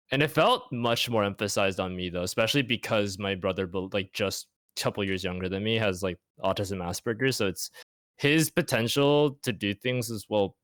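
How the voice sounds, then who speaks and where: A young man with a lowish voice talks things through as an interview guest, reflective and a little halting. He leans on "like" constantly. The sound is close and dry, with no room around it. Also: a bit bright, no echo. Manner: reflective, halting, heavy use of "like". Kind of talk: casual chat.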